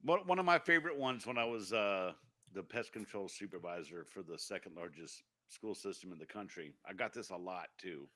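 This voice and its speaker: A man co-hosting a podcast, chatting casually and telling stories in a profane, deadpan way. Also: sits low, fairly quick. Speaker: podcast co-host. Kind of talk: casual chat.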